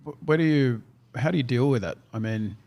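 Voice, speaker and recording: A man's voice: medium pitch, brisk, a little mellow. A man hosting a casual podcast, asking questions and trailing off mid-sentence. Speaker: podcast host.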